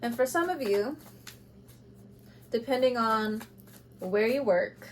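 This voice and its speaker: A woman giving an intuitive tarot reading to camera, speaking bluntly and with passion, moving between loud urging and quiet asides, with laughs between points. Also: a little high, animated, takes it slowly, a little hiss or hum. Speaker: tarot reader.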